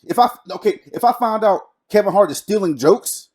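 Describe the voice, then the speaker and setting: A man co-hosting a podcast in a relaxed, slangy way, often restarting his sentences. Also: sits high, moderate pace. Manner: laid-back, slangy, hesitant restarts. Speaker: podcast co-host. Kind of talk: casual chat.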